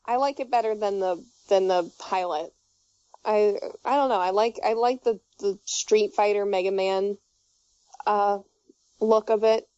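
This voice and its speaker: A woman's voice: mid-range voice, a little slow, dark tone, smooth, no room sound. Rambling giggly young woman, muffled audio. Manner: rambling, giggly storytelling with many fillers. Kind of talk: casual chat.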